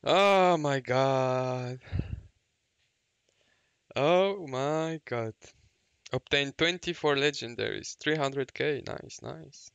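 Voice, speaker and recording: Excitable man. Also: very slow, gravelly, long pauses, clear, resonant tone, no room sound, highs cut off. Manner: excitable, shouting, laughing and cursing, then low muttering. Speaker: gaming YouTuber. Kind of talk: live reaction to game summons.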